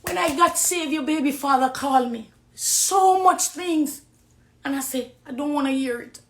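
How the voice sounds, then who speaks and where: A middle-aged Jamaican woman giving an impassioned personal testimony on a live stream, preachy, swinging between hushed confiding and loud accusing. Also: sits high, moderate pace, echoey room. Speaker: dancehall artist on a live stream.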